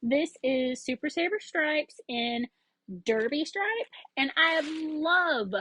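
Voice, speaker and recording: A woman chatting excitedly in a casual haul video, rambling with fillers and bursts of enthusiasm. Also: high-pitched, slow pace, no room sound, low-quality recording. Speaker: yarn vlogger.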